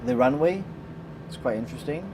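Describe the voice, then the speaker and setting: A host from Gibraltar telling a story in casual chat, turning loud and excited as it goes. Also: medium pitch, fairly quick, noisy background. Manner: animated, gets loud and excited when retelling.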